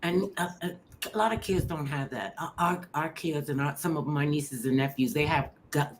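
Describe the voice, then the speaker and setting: A middle-aged woman hosting a chat, telling funny stories in an animated way and acting out what people said. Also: low voice, normal speed, a little hiss or hum. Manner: animated, laughing storyteller who acts out quotes. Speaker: show host. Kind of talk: storytelling chat.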